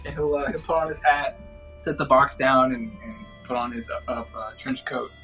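A man's voice: mid-range voice, normal speed, bright, forceful tone, soft background music, poor audio. A man describing his character's actions in a tabletop game, hesitant and full of fillers. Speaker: player.

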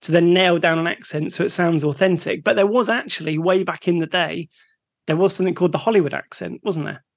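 A man from Britain co-hosting a podcast, telling things in a relaxed way and laughing often. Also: sits high, brisk, dry recording, clean studio sound. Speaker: podcast co-host. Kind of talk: casual chat.

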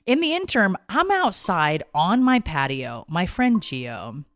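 A woman in her thirties tells a story on a podcast, emotional and animated, with plenty of swearing. Her voice is smooth and resonant. The studio sound is close and dry. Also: fairly low pitch, a little slow, dry recording. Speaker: podcast co-host. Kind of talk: casual storytelling.

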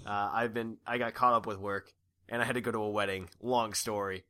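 A man's voice: on the low side, steady tone, fairly quick, bright, forceful tone, clear, resonant tone. A man hosting a podcast in a laid-back, rambling way, laughing often. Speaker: podcast host. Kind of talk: casual chat.

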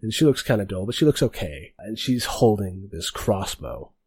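A man's voice: on the low side, sing-song, moderate pace, a little mellow, breathy edge. A man narrating a tabletop game as game master, rambling with many fillers.

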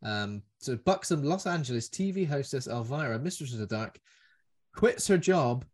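A man's voice: mid-range voice, lively intonation, normal speed. A man hosting a casual film review chat, rambling and joking. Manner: rambling, jokey, does silly voices. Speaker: podcast host.

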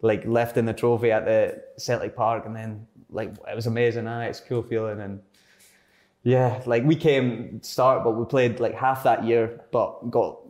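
Rambling ex-footballer, mid-pitched. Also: male voice, steady tone, normal speed, a little mellow. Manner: rambling, heavy on filler words. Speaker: former footballer guest. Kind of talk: casual podcast conversation.

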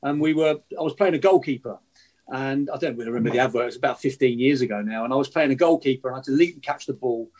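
A man's voice: medium pitch, very fast, darkish tone. A middle-aged man, an actor, telling rambling anecdotes in casual chat with restarts and laughter. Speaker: actor guest on football podcast.

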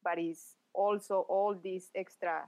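A woman's voice: fairly low pitch, fairly even intonation, a little slow, darkish tone. A woman co-hosting a podcast, chatty and exasperated in casual conversation. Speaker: podcast co-host. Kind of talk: casual chat.

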